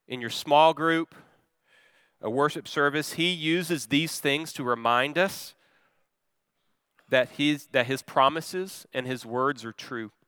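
Bright, crisp middle-aged male preacher. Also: on the high side, slow, no echo. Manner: expressive storyteller, swings from calm to loud. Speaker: pastor. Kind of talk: sermon with personal story.

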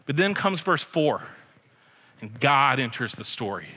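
A man preaching a sermon as pastor, emphatic, slowing down and repeating his key phrases. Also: medium pitch, very animated, sharp tone. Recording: long hall reverb.

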